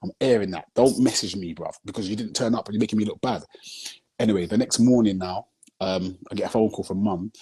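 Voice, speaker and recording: A man speaks candidly as a guest on a live video chat, earnest and searching as he checks that you follow him. His voice sits low, with a mellow, husky texture. He sounds like he is on a phone mic during a live stream. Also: fast talker. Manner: earnest storytelling, heavy with "you know what I'm saying". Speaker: guest, film director.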